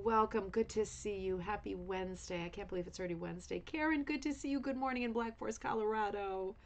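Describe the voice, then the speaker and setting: A woman's voice: medium pitch, poor audio. A middle-aged woman hosting a craft club livestream, chatting casually with viewers in a rambling way full of asides and restarts.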